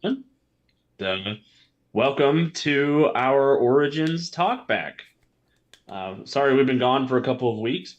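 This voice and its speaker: A man hosting a casual panel chat, talking in a relaxed, rambling way with lots of fillers. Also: fairly low pitch. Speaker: host.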